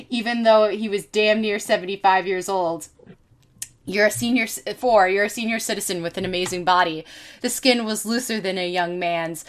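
A woman's voice: medium pitch, fairly bright tone. A woman podcast host reading an article aloud in a casual way, with many ums and self-corrections.

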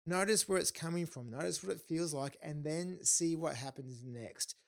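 A man's voice: a little high, normal speed, creaky. A man hosting a podcast, chatting and then giving listeners an encouraging weekly challenge. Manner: encouraging, instructive. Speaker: podcast host. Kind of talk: casual chat and wrap-up.

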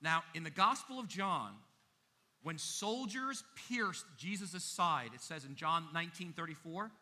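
Male pastor preaching; bright, piercing voice, fairly high, emphatic with sharp swings in volume. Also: expressive, measured pace. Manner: emphatic, with big swings in loudness. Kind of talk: sermon.

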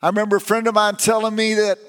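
Guy preaching a sermon, pretty high voice, big echoey church sound, tells it like a story. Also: monotone, fast, a bit bright, clean tone. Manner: storytelling preacher, rising and falling emphasis.

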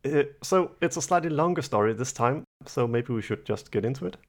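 A woman's voice: very deep voice, lively intonation, brisk, a little mellow. A woman playing a student podcaster who asks questions in a dry, skeptical way. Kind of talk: amateur audio drama chat.

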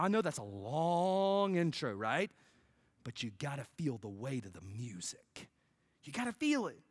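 Pastor giving a sermon, conversational and dramatic, very animated pitch, dry room. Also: dry recording. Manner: dramatic, swings from loud to near-whisper; peppers phrases with "right?".

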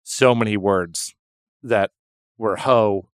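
A man co-hosting a comedy podcast, joking around with wry, teasing, deadpan asides. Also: fairly low pitch, takes it slowly, clean tone, dry recording, clean studio sound. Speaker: podcast co-host. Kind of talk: casual comedy banter.

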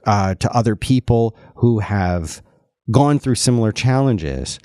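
A man hosting a podcast, chatting casually in an animated way and often restarting his sentences. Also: lowish voice, dry recording, clean studio sound. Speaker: podcast host.

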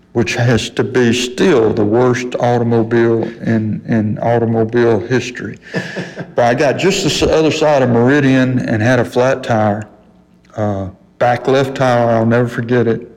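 A man's voice: mid-range voice, fairly even intonation, a little slow, a little mellow, in a large hall, poor audio. An older man telling a story on a radio talk show, folksy and chuckling often.

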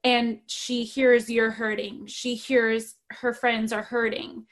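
Chatty, slightly high-voiced woman host. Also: level tone, slow. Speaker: podcast host. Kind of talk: casual conversation.

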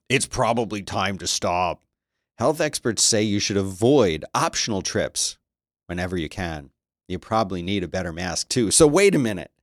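A man giving casual commentary as a streamer, reading news aloud with sarcastic, animated remarks and frequent laughter. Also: medium pitch, no echo, clean studio sound.

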